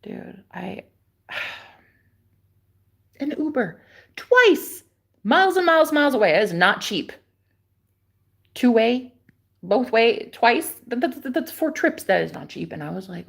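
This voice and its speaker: A young adult woman live streaming a rambling, confiding monologue, dropping to whispers and then rising to loud, profane exclamations. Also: on the high side, big pitch swings, slow pace, vocal fry, pauses often, husky. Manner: swings between hushed whispers and loud exclamations.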